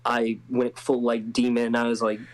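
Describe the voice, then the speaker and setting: A man's voice: medium pitch, monotone, moderate pace, low-quality recording. A male actor being interviewed, with a mid-range voice. He stumbles through restarts and fillers, then laughs at himself with self-mocking jokes. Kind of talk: casual interview.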